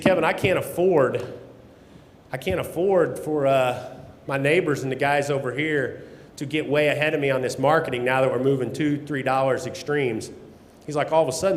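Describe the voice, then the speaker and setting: A man with a mid-range voice gives a blunt, folksy keynote talk on grain marketing, swearing now and then. He is recorded through a microphone in an echoey conference hall with a long reverb and a little hiss or hum.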